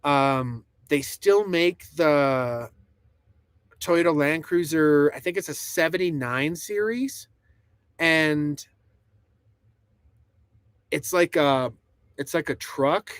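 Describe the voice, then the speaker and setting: A man's voice: fairly high pitch, takes it slowly, long pauses, fairly bright tone, smooth, dry recording. A man rambling and laughing through a casual live stream from inside a truck camper, reading chat comments aloud. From United States.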